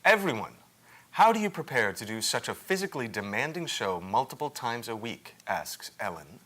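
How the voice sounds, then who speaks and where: Bright-voiced man moderating a cast Q&A. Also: mid-range voice, big pitch swings, normal speed. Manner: upbeat, reads out viewer questions. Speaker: panel moderator and actor. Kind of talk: casual panel Q&A.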